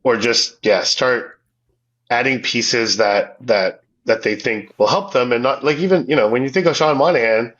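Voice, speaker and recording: A man's voice: medium pitch, normal speed, a bit bright, muffled recording. A man co-hosting a casual sports podcast, talking through his thoughts with many restarts and easy laughs. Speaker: podcast co-host. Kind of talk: casual hockey podcast chat.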